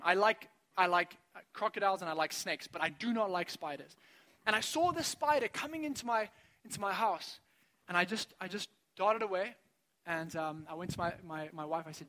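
A middle-aged man preaching a sermon, telling a funny family story in an animated, self-mocking way before drawing the lesson. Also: high-pitched, moderate pace. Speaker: pastor.

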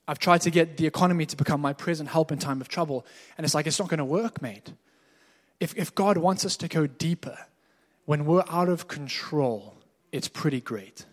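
A man preaching a sermon as a pastor, telling stories in a candid, conversational way. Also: a little high. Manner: conversational storytelling, candid and informal. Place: church hall. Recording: echoey hall.

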